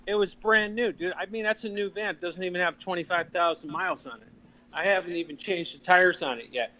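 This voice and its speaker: A man's voice: sits high, a little fast, pushed and bright, dull audio. A man joining a podcast chat by phone while walking outdoors, talking in a laid-back, rambling way. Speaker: guest calling in by phone video. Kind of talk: casual chat.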